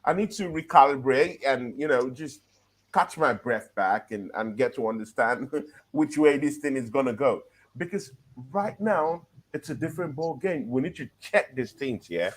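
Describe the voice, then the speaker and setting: A football podcast co-host with a mid-range voice talks at a moderate pace, casual and full of energy. He keeps laughing and walks through his argument, checking in often with "yeah?" and "right?".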